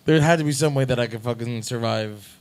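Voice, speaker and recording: A young man spinning a rambling, profanity-laced tale in a casual podcast chat. His voice sits in an ordinary middle range, animated and quick to swear. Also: mid-range voice. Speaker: musician telling a story.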